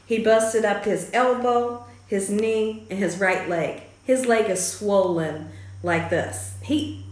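A woman's voice: medium pitch, slow pace, a little mellow. A woman hosting her own vlog, telling a family story in a chatty, faith-filled way. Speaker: cooking channel host. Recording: roomy echo.

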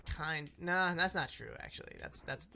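Male co-host, slightly high pitch, relaxed chatty delivery full of fillers. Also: moderate pace, vocal fry, a little hiss or hum. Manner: laid-back, easygoing, with filler "like"s. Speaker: gaming stream co-host. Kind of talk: casual chat.

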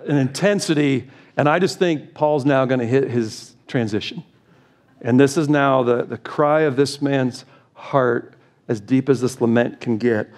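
A middle-aged man preaches a sermon from a church pulpit. His voice sits at an ordinary mid pitch. He speaks with earnest conviction that rises into impassioned, urgent pleading. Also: a little mellow. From United States. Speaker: pastor. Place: church sanctuary.

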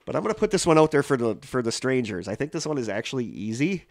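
A congested, tired man co-hosts a podcast in loose, casual chat. His voice sits at a middle pitch, and the recording is close and dry, with no room sound. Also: sing-song, rapid-fire, hardly any pauses, a little mellow, no room sound. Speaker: podcast co-host.

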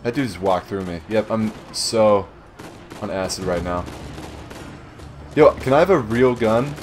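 A man giving casual, joking commentary while playing a shooter game, swearing often and yelling at enemies. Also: fairly low pitch, a little slow, noisy background. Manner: jokey, swears a lot, shouts at enemies. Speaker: gamer doing a let's play. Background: faint game music and gunfire.

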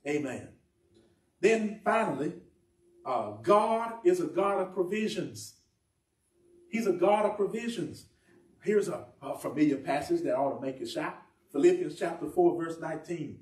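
High-voiced man preaching in an echoey church. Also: expressive. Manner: emphatic preaching with drawn-out phrases. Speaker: pastor. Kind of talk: sermon. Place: church sanctuary. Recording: echoey church room from far off.

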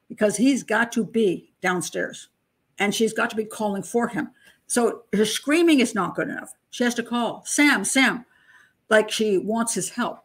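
Picture an older woman with a husky, slightly breathy voice talking through a true-crime case. She is emphatic and incredulous, pausing to mock what she reads. Her pitch sits in a plain middle range for a woman. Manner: emphatic, incredulous, mocks testimony with acted-out voices. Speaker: criminal profiler and channel host. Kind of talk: casual true-crime commentary.

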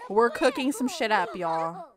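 A woman giving casual, animated commentary on her game, talking straight to viewers, swearing and laughing often. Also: medium pitch, unhurried, a crowd in the background. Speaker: Let's Play creator.

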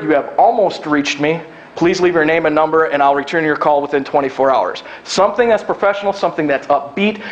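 A man's voice: on the high side, highs cut off. Down-to-earth man giving job tips. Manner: down to earth, joking, acts out quoted lines. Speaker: recruiter giving job search advice. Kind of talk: presentation to an audience.

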